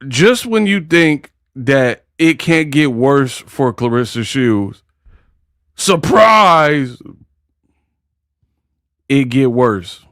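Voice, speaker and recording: Brief: male stream host, mocking slangy rant, unhurried, dry close sound. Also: medium pitch, no echo. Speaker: boxing commentary livestream host. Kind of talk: casual livestream rant.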